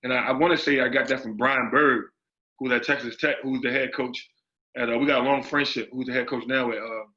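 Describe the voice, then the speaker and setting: Talking a little fast, this basketball coach, an associate head coach, answers interview questions with emphasis, circling back to the same phrases and using street slang. The medium-pitched voice sounds bright and forceful with fairly even intonation; the recording is dull and lo-fi.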